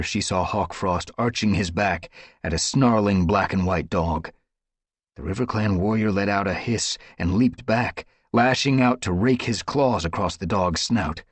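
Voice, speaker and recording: A man narrating an audiobook in a measured, dramatic storytelling manner. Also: sits low, slightly rough, no echo. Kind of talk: scripted narration.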